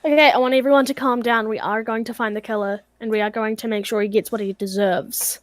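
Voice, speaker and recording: A woman playing a detective in a tabletop game, measured and questioning. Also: on the high side, fairly even intonation, no echo. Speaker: player.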